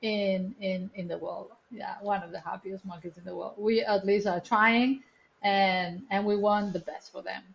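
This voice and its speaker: A woman's voice: mid-range voice, fairly even intonation, normal speed, gravelly, slight background noise. Woman, rescue center founder, earnest chatty storytelling, non-native phrasing, dull lo-fi audio. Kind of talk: casual interview storytelling.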